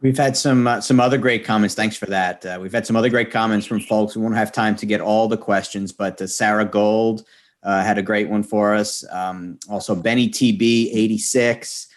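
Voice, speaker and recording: Panel moderator, man, low voice, casual, fills pauses with uh, video-call sound. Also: fairly even intonation. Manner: casual, with frequent uh fillers. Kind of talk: reading fan questions.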